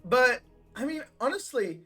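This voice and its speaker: A man's voice: very high voice, very animated, a little slow, music in the background. A young man in his twenties, a podcast host telling a story in rambling casual chat, swearing often. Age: 20s. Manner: rambling, swears a lot, acts out quotes.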